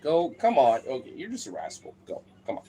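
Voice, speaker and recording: A man films himself at home chatting to his dogs, teasing and coaxing them in a loose, joking way. His voice swings very widely, dropping low and then jumping up high. A faint hum of room ambience sits behind him. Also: wildly swooping pitch, a little fast, mellow. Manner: playful, teasing, swears casually, jumps into high baby-talk pitch with the dogs. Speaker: vlogger talking to his dogs. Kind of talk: casual vlog, talking to pets.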